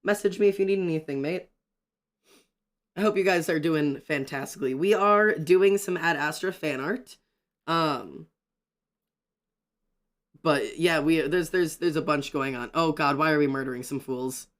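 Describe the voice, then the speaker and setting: A young man chatting excitedly on a livestream while drawing, ranting and greeting his chat. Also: on the high side, measured pace, pauses often.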